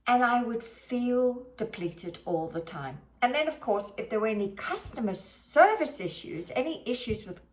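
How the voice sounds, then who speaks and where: Animated, expressive middle-aged woman speaker. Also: fairly high pitch, unhurried, few pauses. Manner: animated and expressive, acting out her own past thoughts. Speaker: motivational speaker. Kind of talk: motivational video talk.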